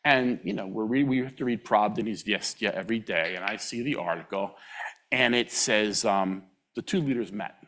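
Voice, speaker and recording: A middle-aged man giving a public lecture, telling humorous anecdotes, chuckling and acting out quoted voices with sudden jumps in pitch. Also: fairly bright tone. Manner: draws out foreign words slowly for the audience to repeat.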